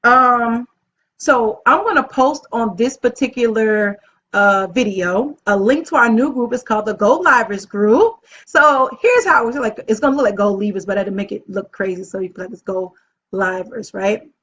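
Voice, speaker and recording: A woman hosting a casual live video as an event planner, upbeat and chatty, often gushing about how excited she is. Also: fairly high pitch, normal speed, husky. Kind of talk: casual live-stream talk. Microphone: phone or webcam live stream. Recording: dull lo-fi live-stream audio.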